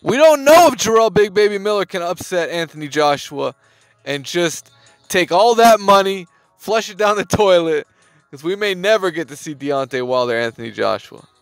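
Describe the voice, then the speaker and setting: Male sports-channel host, casual emphatic delivery, high voice, dry room, faint music bed. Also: expressive, normal speed, no room sound. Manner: emphatic slangy talk, repeats phrases, swears. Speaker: boxing news host. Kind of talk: casual commentary to camera.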